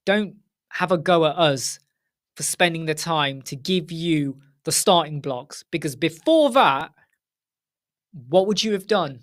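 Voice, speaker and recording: A man's voice: on the high side, expressive, measured pace, fairly bright tone. A middle-aged man hosting a casual live Q&A stream from home, talking frankly and straight to his viewers. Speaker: host.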